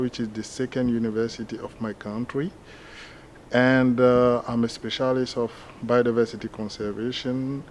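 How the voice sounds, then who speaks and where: A man from Ivory Coast speaks English with a French accent, his first language showing through. He answers slowly and pauses often to find the right words. A faint background noise sits under his voice. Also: mid-range voice, darkish tone. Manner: hesitant, searching for words. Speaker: university lecturer. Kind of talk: interview answers.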